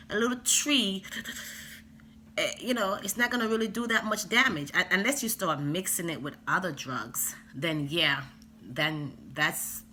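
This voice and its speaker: A woman talking to camera in a casual vlog, emphatic and animated, lecturing parents with asides. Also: fairly low pitch, slight background noise. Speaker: vlogger.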